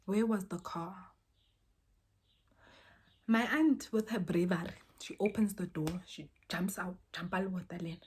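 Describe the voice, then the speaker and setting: A young woman tells a personal story casually, dropping to near-whispers and then bursting out loudly as she acts out what people said. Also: on the low side, unhurried, pauses often, breathy edge. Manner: animated, swings between soft near-whispers and loud exclaimed quotes.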